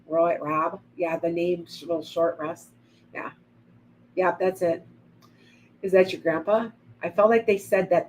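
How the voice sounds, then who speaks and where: A woman's voice: fairly low pitch, slight background noise, low-quality recording. A middle-aged woman giving rambling psychic readings on a live stream. She greets viewers by name as she goes. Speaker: psychic medium.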